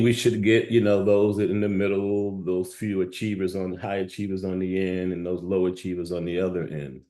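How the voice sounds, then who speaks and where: A man's voice: sits low, normal speed, mellow, roomy sound. A man giving an evening lecture on statistics to students, talking conversationally and often checking in with "okay?".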